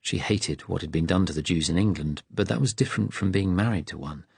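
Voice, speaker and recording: Low, husky male narrator. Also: brisk, darkish tone, dry recording. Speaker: audiobook narrator. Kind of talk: scripted narration.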